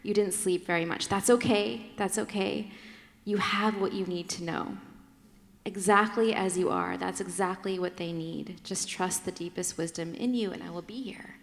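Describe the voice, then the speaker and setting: A woman speaking as her gentle, loving inner wise woman in a soft, reassuring voice that drops toward a whisper. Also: sits high, expressive, measured pace, hardly any pauses, pitched above the performer's own voice. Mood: tender, soothing. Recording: long reverb of a large hall.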